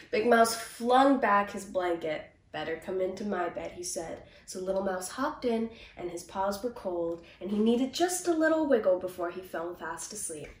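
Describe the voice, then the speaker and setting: A woman actor reading a children's picture book aloud with gentle, expressive storytelling. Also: medium pitch. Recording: roomy, distant mic.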